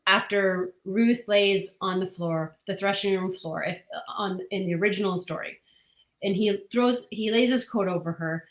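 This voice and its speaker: A woman's voice: mid-range voice, normal speed, roomy sound. A woman who writes comics, answering interview questions earnestly and at length, with frequent restarts.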